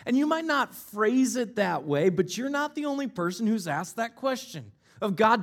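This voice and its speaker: Male pastor, higher-pitched voice, emphatic sermon delivery with rhetorical questions. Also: sing-song, moderate pace, few pauses. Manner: emphatic, rhetorical questions, repeats key lines.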